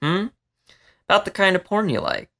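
A man's voice: high-pitched, very animated, moderate pace, vocal fry, sharp tone, voice pushed up, exaggerated voice. A man voicing a pushy young female mouse. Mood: insistent. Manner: needling, whiny when crossed.

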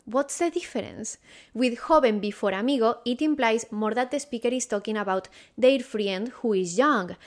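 A woman, a teacher, giving a patient, methodical grammar lesson in English and correcting herself now and then. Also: fairly high pitch. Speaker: Spanish teacher.

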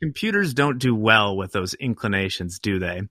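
A man's voice: on the low side, animated, normal speed, pushed and bright, dry recording, studio quality. A man hosting a podcast in casual chat, joking and laughing at his own slips. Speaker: podcast host.

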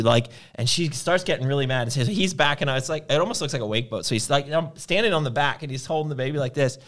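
A man's voice: medium pitch, brisk. A man in casual conversation, telling long, rambling anecdotes and acting out the people in them. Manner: rambling storyteller, acts out quoted voices. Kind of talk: casual chat.

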